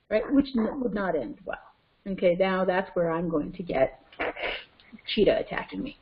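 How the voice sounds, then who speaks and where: A woman's voice: a little high, lively intonation, moderate pace, husky. A woman parenting coach teaching a webinar in a conversational way, often checking in with "okay?" and "right?". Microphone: conference call line. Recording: muffled web call audio.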